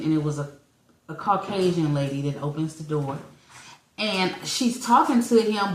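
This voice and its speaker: Lively woman in her forties telling a story. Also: fairly low pitch, slight background noise. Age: 40s. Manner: animated storyteller, acts out quotes, laughs often. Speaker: podcast co-host. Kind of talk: casual storytelling chat. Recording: echoey room.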